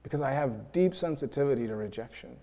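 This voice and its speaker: A preacher from New York giving a lively sermon, acting out quoted voices and repeating words as he builds his points. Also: medium pitch, fast, creaky. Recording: long reverb of a large hall.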